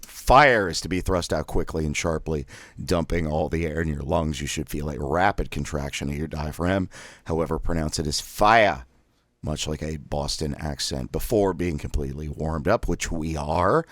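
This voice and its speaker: A man leading a guided voice exercise drill in a relaxed, joking, self-deprecating coaching manner. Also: rumbling low, moderate pace, no room sound, studio quality.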